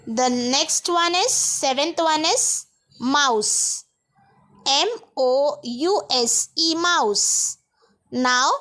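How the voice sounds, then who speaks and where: A woman teaches small children in a bright, high voice. She talks very slowly, spelling every word letter by letter before saying it again. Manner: slow, spells words letter by letter and repeats them. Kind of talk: online school lesson for young pupils.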